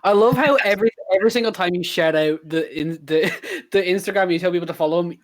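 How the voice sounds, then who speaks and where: A man's voice: high-pitched, quick pace. A man co-hosting a podcast in casual chat, enthusiastic and chatty, with many "like" fillers. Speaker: podcast co-host.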